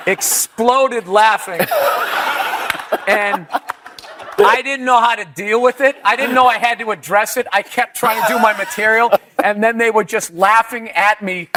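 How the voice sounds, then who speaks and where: Male comic, casual chat, swears a lot, rambles, voice sits a bit high. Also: background noise. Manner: profane, rambling storyteller with quoted voices. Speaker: comedian. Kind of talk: casual storytelling on a podcast.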